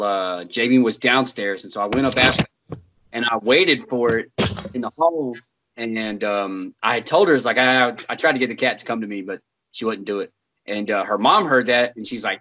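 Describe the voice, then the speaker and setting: Young guy on a podcast, bright, voice jumps all over, cussing constantly. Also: on the low side, low-quality recording. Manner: animated storyteller, swears a lot. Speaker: podcast co-host. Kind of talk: casual chat.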